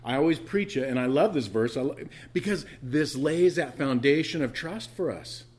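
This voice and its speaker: A man's voice: on the high side, lively intonation, normal speed, a little mellow. Emphatic man preaching a sermon. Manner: emphatic, asks the congregation questions. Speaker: pastor.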